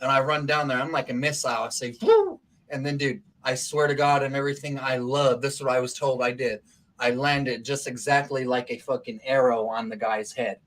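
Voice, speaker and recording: On a talk stream, a man with a medium-pitched voice casually tells a wild story at a brisk pace. He swears a lot and animatedly acts out what people said.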